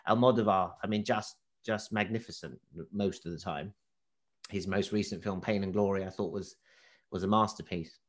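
A man, a film critic and correspondent, talking casually and animatedly about cinema, often restarting his sentences. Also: low voice. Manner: animated, halting with many restarts. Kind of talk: casual talk.

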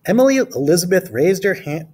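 A man reads a picture book aloud for young children, his voice bouncing through a wide, lively range. He sits a little high for a man and talks straight to the kids with patient, simple instructions. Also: fairly quick, slight background noise. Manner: lively storybook reading with character voices; gentle, instructive, talking directly to children. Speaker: teacher. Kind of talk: read-aloud lesson for children.

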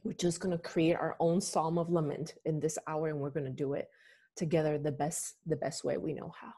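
A woman pastor leading a lament, speaking slowly, deliberately and gravely. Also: low-pitched, level tone, dark tone. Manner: slow, deliberate, grave and earnest. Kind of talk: slow reflective spoken sermon and prayer.

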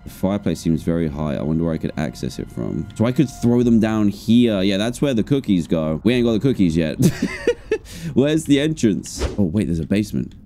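Casting: man, gaming streamer, low mellow voice, jokey and jittery, faint music under. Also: lively intonation, fairly quick, hardly any pauses. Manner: jokey, jumpy, talks to himself. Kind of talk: live gameplay commentary.

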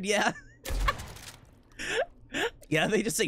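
A man's voice: high-pitched, wildly swooping pitch, moderate pace, fairly bright tone, slight background noise. Giggly 20-something guy streaming, rambling silly jokes, voice jumps all over. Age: 20s. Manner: giggly, rambling, laughs constantly. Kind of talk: casual gameplay commentary.

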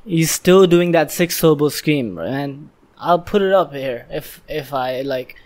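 A man's voice: fairly high pitch, expressive, measured pace, a little mellow. A man hosting a music reaction video, casually and eagerly explaining rhyme schemes and often exclaiming in admiration. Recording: faint music playing behind.

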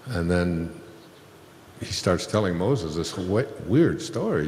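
Deep-voiced man speaking in an echoey hall. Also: darkish tone, a little hiss or hum. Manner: unhurried, with many fillers and restarts, retelling scripture in a conversational way. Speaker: spiritual speaker addressing an audience. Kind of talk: reflective spiritual talk. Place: hall with a live audience. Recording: echoey hall with long reverb.

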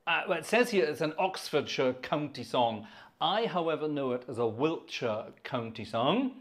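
A man hosting a live organ stream, chatting casually and muttering asides to himself between pieces. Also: fairly high pitch.

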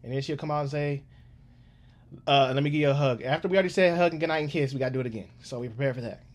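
A man in his thirties hosting a reaction channel, chatting casually in an excitable, rambling way. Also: medium pitch, racing. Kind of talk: casual chat.

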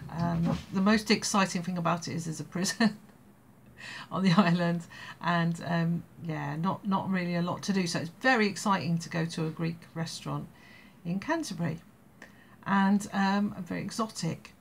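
A woman's voice: on the low side, fairly even intonation, moderate pace, creaky, a little hiss or hum. An English woman in her sixties telling a family anecdote in a casual, rambling way, laughing between phrases. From England. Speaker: storyteller vlogger.

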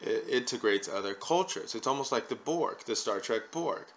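A man's voice: mid-range voice, lively intonation, moderate pace. A man hosting a casual talk show, rambling and repeatedly asking "right?" as he makes his points. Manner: rambling, peppers lines with "right?". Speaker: podcast host. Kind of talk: casual conversational chat. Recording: dull lo-fi recording.

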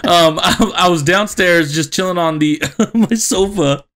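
A man co-hosting a podcast in crude, casual chat, excitable and swearing, laughing often. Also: high voice, measured pace. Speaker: podcast co-host.

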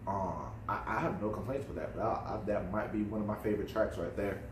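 A man giving casual, excitable reaction commentary on an album, with exclamations and drawn-out remarks. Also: lowish voice, distant mic, slight background noise. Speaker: music reaction vlogger. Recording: roomy, off-mic, music underneath. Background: album playing.

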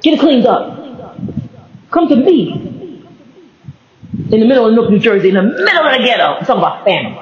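A woman preaches with animated energy, stumbling over repeated words and filling pauses with ums. She laughs often and breaks into sudden shouts. The sound is roomy and a little muffled, like a church recording. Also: a little high. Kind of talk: sermon. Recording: echoey, slightly dull church recording.

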